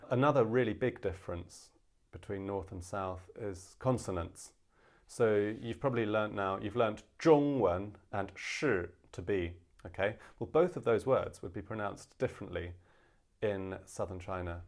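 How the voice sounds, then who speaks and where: Very low-voiced man teaching. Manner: explains with many fillers, demonstrates pronunciations louder and slower. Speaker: language teacher. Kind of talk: casual language lesson.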